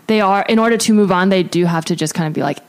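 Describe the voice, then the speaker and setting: A woman's voice: medium pitch, quick pace. Woman comedian hosting a podcast, candid and thoughtful, easygoing chat.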